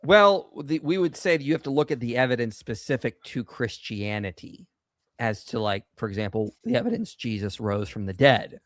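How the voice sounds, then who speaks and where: A man's voice: mid-range voice, animated, moderate pace, dry recording, clean studio sound. Chatty male call-in show host. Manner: chatty, reads donations aloud, grumbles about tech. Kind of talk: casual live-stream chat.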